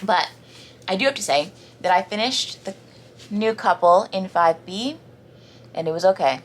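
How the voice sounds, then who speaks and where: A young woman from the American South chats casually in a reading vlog, rambling and using lots of fillers. Her voice is medium-pitched, her pace moderate, and she pauses often.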